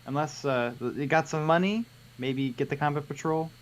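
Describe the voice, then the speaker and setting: A man's voice: fairly high pitch, normal speed. A man co-hosting a live miniature-painting stream, chatting casually, joking and reading out viewer questions. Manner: joking, teasing, reads viewer questions aloud. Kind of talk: casual chat.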